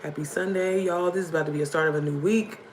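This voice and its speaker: A young woman with a hoarse voice, hosting a casual livestream and chatting directly to her viewers. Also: on the low side, steady tone, fast, slight background noise, low-quality recording. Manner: chatty, addresses viewers as y'all and baby. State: hoarse from screaming. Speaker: livestream host.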